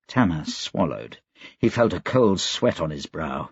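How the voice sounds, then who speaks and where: Gravelly low-voiced male narrator. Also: big pitch swings, unhurried, no echo. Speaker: audiobook narrator. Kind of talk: scripted narration. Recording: dry, slightly dull recording.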